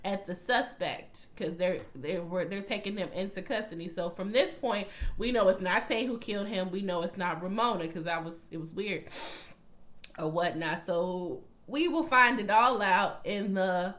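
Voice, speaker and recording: A young woman recaps a TV episode in casual, profane chat, her voice sitting at a middle pitch. She retells the scenes bluntly and slips into quoted lines as she goes. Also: normal speed. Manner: profane, blunt, animated storytelling with acted-out quotes. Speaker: TV recap vlogger.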